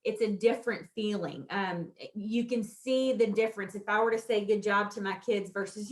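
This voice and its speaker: A woman in her thirties leading a training lesson for teachers, upbeat and animated, acting out praise to children in a bright, lilting voice. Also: medium pitch, moderate pace, hardly any pauses. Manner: laughs often while explaining.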